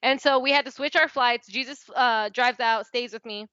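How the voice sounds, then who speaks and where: On a casual podcast, a young adult woman guest candidly tells a story about herself, filling her speech with "like" and swearing, and she acts out what others said. Her pitch is fairly high and her tone bright and forceful, at a moderate pace. The audio is dry and slightly dull, without room sound.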